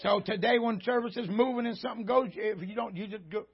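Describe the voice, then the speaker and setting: A high-voiced man preaching in a church, his voice husky and breathy. He swings from folksy country jokes to loud shouted preaching. The recording is dull and lo-fi. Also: fast talker, some chatter behind. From rural Southern United States. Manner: joking folksy banter rising to shouted preaching. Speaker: guest preacher. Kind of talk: sermon. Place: church sanctuary before a congregation.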